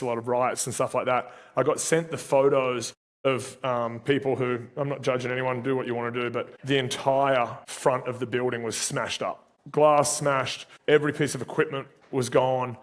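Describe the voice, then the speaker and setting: A man with an Australian accent, giving an energetic, conversational motivational talk to a live audience and telling stories with asides to the crowd. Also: mid-range voice. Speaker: speaker at a live career event. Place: event venue, live audience. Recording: reverberant event hall.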